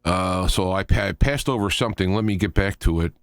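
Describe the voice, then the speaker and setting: Low-voiced man hosting rambling commentary. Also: fairly quick, dry recording. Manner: rambling, opinionated, thinking aloud. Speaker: show host. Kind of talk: solo political commentary.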